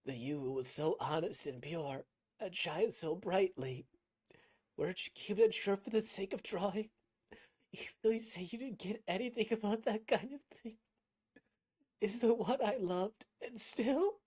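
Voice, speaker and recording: A man's voice: sits high, unhurried, darkish tone, husky, pitched above the performer's own voice. Man voicing an obsessive lovesick young woman. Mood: pleading.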